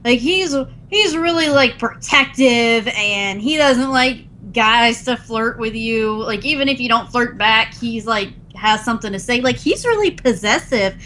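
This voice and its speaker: This young woman chats on a gaming podcast with a bright, forceful tone and a slightly high pitch. She talks loosely and laughs often, slipping into quick put-on lines for the characters. A faint rumble sits under the recording. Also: expressive, poor audio. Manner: chatty, laughs often, acts out game lines. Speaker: podcast co-host. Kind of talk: casual gaming podcast chat.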